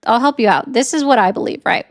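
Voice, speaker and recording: A woman's voice: fairly high pitch, fast talker. An American woman debating politics, blunt and sarcastic, lecturing her opponent. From United States. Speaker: political commentator. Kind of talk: heated debate.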